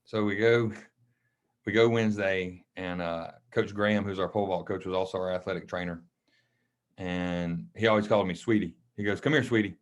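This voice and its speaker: This Mississippi coach, a guest on a podcast, speaks at a normal pace in a low male voice. In a relaxed storytelling interview, he is animated and emotional and performs the lines of the people he quotes.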